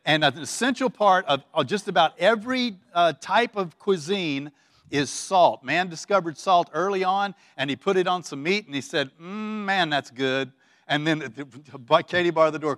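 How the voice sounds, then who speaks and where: A man's voice: on the high side, a bit bright, no echo, studio quality, long reverb tail. A pastor preaching a conversational sermon to his congregation, with many fillers and restarts, leading the room in call-and-response. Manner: casual, filler-laden, leads call-and-response. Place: church sanctuary.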